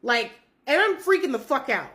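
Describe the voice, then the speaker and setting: Young woman, casual storyteller, lively and profane, slightly high pitch. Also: moderate pace. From California. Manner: animated, profane, laughing storyteller.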